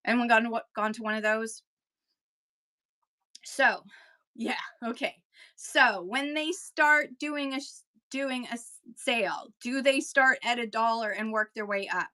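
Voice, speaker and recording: Woman, Kentucky accent, live-stream host, casual rambling talk, bright tone. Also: fairly high pitch, unhurried. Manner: chatty, rambling, with mock auctioneer patter. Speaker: host giving seller tips.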